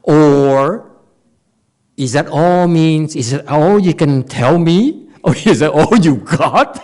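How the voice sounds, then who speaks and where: A man's voice: a little high, takes it slowly, a little mellow. A man with a Korean accent giving a dharma talk as a Zen master, playful, telling stories and laughing often.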